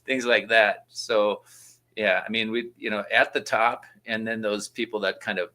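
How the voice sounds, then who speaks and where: A man co-hosting a casual chat, explaining in a measured way with many "you know" fillers. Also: lowish voice, steady tone, sharp tone.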